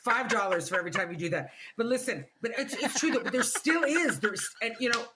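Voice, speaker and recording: A woman stand-up comedian from Canada chats on a podcast with a lively, sweeping pitch. She laughs often while telling her bits. A clear hiss of noise sits under the recording. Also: quick pace. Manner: animated, laughing storyteller with big swings of pitch. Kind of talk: casual podcast chat.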